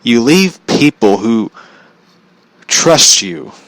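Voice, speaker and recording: A man's voice: medium pitch, very animated, extremely slow, no echo, low-quality recording. A man ranting bluntly in a casual commentary vlog, swearing freely and often laughing at his own points. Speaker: vlogger.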